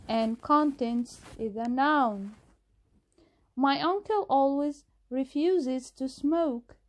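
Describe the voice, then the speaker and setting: A woman with an Egyptian accent, teaching an English lesson on video and slowly reading out the exercise answers. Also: sits high, warm tone.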